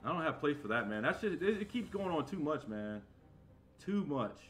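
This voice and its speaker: Loud, forceful man streaming a game. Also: on the high side, very animated, normal speed, soft background music. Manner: loud talker, voice carries; heated, defensive, sets the record straight. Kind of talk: live-stream rant while playing.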